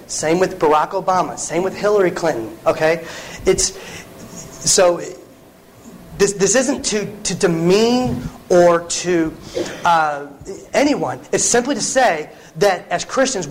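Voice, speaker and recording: High-voiced man preaching a sermon. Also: slight background noise, low-quality recording. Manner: earnest, conversational with frequent restarts and asides.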